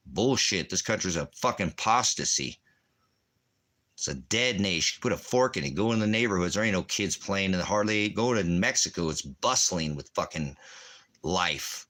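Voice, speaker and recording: A man's voice: fairly low pitch, bright, forceful tone. A man, a military veteran, delivering an angry, profane, rambling rant. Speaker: veteran ranting.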